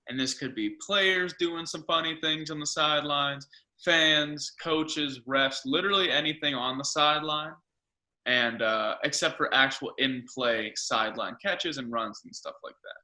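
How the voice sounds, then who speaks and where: Bright-voiced guy hosting a chatty podcast. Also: fairly high pitch, normal speed. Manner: laid-back, swears freely, laughs often. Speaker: podcast host. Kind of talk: casual chat.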